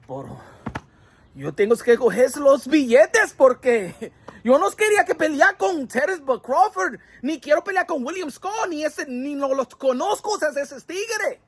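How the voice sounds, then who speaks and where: A man putting on a mocking, money-minded boxing star in a lively raised voice. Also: extremely high pitch, moderate pace, dry recording, pitched above the performer's own voice, exaggerated voice.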